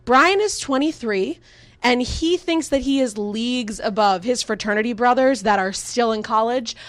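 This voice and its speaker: A woman's voice: a little high, moderate pace, no echo. A young woman performing a stand-up comedy set, telling exasperated, sarcastic stories with plenty of swearing.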